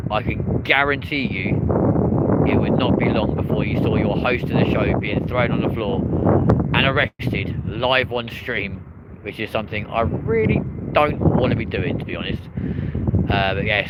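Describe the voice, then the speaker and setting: Chatty man over loud wind. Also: on the low side. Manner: chatty, cheers planes on, reads out viewer chat. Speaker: live stream host. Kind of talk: live plane-spotting commentary. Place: outdoors by an airport runway. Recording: loud wind and traffic noise.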